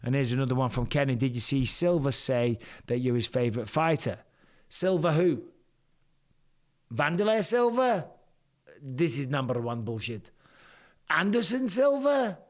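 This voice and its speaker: A man's voice: mid-range voice, normal speed. A man with an English accent in his forties, hosting a live reaction stream, talking bluntly and joking with plenty of swearing. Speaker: host.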